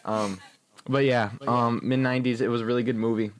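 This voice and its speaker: A man's voice: medium pitch, steady tone, a little fast, a little hiss or hum. A young man co-hosting and editing a podcast, chatting in a laid-back, giggly, joking way. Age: young adult. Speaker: podcast co-host and editor. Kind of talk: casual chat.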